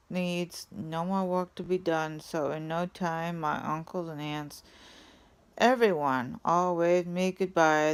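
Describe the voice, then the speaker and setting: A woman reading a storybook aloud in first person, softly and ruefully. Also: sits low, smooth. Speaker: reader. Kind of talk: storybook read-aloud narration.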